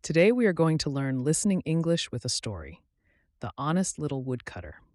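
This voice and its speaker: Clear, expressive male storyteller, medium pitch with a lot of lift, dry close sound. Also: brisk, no echo. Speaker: channel host and storyteller. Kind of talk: scripted story narration for English learners.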